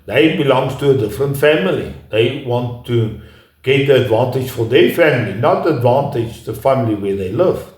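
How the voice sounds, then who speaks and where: A man giving an unscripted lecture, talking haltingly with frequent pauses and restarts. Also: medium pitch, expressive, darkish tone. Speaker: speaker giving a talk. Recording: echoey room.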